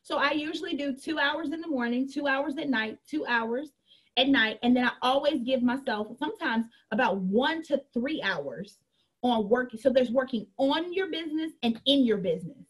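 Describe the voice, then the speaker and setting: A woman coaching an online group about her business in a candid, animated way. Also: high-pitched, moderate pace. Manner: animated and candid, acts out chats in a bright girly voice. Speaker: network marketing coach.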